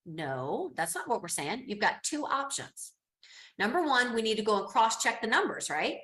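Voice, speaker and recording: A woman's voice: fairly high pitch, expressive, a little fast, bright, forceful tone, echoey room. A woman business coach teaching an online class in an upbeat, encouraging way, speaking over a video call. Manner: upbeat, encouraging, acts out quoted voices.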